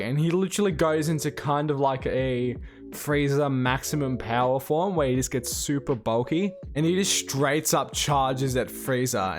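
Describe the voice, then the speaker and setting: Man, casual comic review, excitable recap, mid-pitched voice, faint music behind. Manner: excitable, retells the plot while reading out the dialogue. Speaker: manga reviewer.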